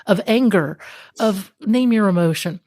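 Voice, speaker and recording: A thoughtful woman hosting a podcast, drawing a lesson out of her guest's story. Her voice sits in an ordinary middle pitch and she speaks in an easy, conversational way. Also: animated, measured pace, a little mellow. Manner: thoughtful, summarizing. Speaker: podcast host.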